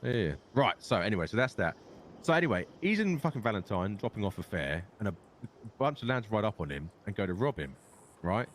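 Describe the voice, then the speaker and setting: A man's voice: lowish voice, big pitch swings, fairly quick, slight background noise. A young man with a London accent, telling a long story in character and swearing often. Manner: swears a lot, rambling storyteller. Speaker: gang leader in roleplay. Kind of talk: in-character roleplay chat.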